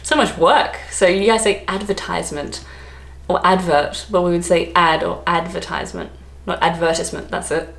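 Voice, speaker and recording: A woman's voice: on the low side, normal speed, vocal fry, fairly bright tone. Chatty Australian woman in an echoey room. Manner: chatty, self-deprecating, laughs often. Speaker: vlogger. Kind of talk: casual chat to camera.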